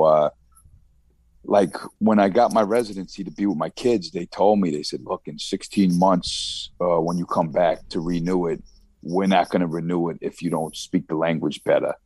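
Long Island rapper, very low voice, dry close sound, easygoing and rambling. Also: male voice, moderate pace, darkish tone, husky, dry recording. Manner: laid-back, rambling with many restarts. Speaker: rapper guest. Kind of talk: casual interview chat.

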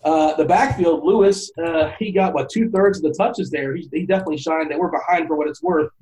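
Fast-talking man on a podcast. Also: fairly high pitch, darkish tone, low-quality recording. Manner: rambling, restarts often, laughs a lot. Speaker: podcast co-host. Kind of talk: casual podcast chat.

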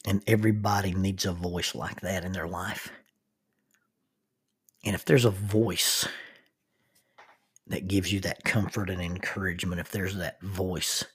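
A man hosting his own podcast, telling stories and reflecting in a slow, soft-spoken, intimate way that sometimes drops almost to a whisper. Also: fairly low pitch, breathy edge. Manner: quiet, intimate delivery, dropping to near whisper. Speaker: podcast host. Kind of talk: reflective devotional podcast talk.

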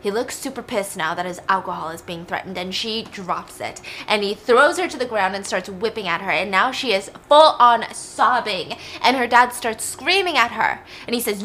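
A woman's voice: mid-range voice, normal speed, few pauses, bright, forceful tone, slight background noise. A young woman casually retelling a film plot in a chatty way, with lots of like and you know. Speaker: storyteller.

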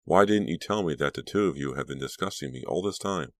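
A man's voice: a bass voice, brisk, no echo. A man reading an audiobook, voicing an anxious, troubled teenage girl who sounds tense and breathless. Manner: tense, pleading, breathless at times.

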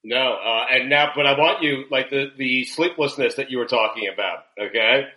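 Middle-aged radio guy, bright voice, friendly and jokey, loose chatty delivery. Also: mid-range voice, rough recording. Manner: friendly, joking, quick to laugh. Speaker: radio host. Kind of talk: casual remote chat.

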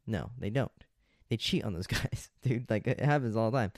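A young man talks straight at the listener in a blunt, lecturing way, dropping "dude" and "like" as he goes. His voice sits on the low side. The sound is dry and close, with no room around it. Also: normal speed, no echo. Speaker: dating advice talker. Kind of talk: casual monologue to camera.

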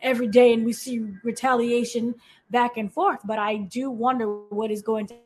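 A woman talking casually about a TV episode, animated and acting out the characters' lines as she goes. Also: on the high side, moderate pace. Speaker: podcast panelist.

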